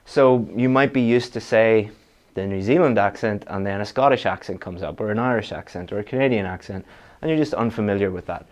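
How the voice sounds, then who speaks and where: A man giving a direct, practical online exam-prep lesson, with frequent restarts. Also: lowish voice. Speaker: IELTS teacher.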